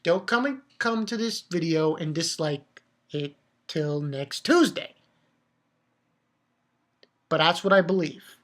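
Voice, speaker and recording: A man giving a casual solo review, rambling in an animated way, swearing often and restarting his sentences. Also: on the high side, takes it slowly, long pauses. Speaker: manga reviewer.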